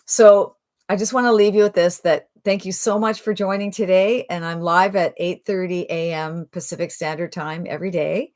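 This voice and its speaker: Upbeat woman giving a sales pitch. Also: steady tone, moderate pace, darkish tone. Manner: upbeat, persuasive, full of rhetorical questions. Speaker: online marketing presenter. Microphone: phone livestream.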